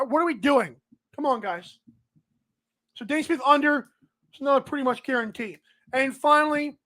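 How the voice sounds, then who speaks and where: A woman's voice: high-pitched, a bit bright. A woman hosting a sports betting podcast, rambling casually and talking straight to the players she discusses.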